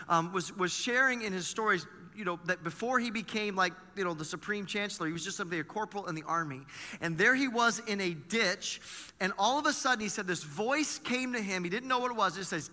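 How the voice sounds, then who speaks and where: A man's voice: sits high, pushed and bright. A male pastor preaching a sermon in a conversational way, full of rhetorical questions to the congregation. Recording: long reverb of a large hall.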